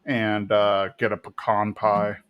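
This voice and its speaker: A man from Texas casually recapping a cartoon episode on a podcast, slipping into quick voices for the characters. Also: on the low side, little pitch movement, clean tone, highs cut off. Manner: retells plot with quick put-on character voices. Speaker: podcast co-host.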